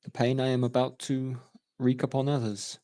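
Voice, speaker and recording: A man voicing a proud, self-wounding female cleric with a put-on French accent, speaking slowly and solemnly. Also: medium pitch, level tone, dark tone, dry recording, natural voice.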